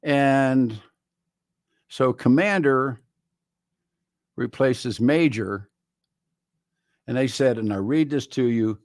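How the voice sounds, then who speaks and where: A man's voice: medium pitch, slow pace, pauses often, darkish tone, no room sound. A man hosting a talk radio show in a studio, delivering a rambling, wry monologue full of restarts. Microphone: studio microphone.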